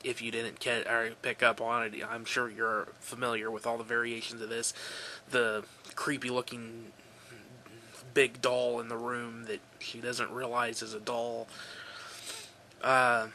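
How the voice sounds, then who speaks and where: A man reading a creepy story aloud in a relaxed, offhand way, correcting his own slips. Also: mid-range voice, unhurried, a little hiss or hum.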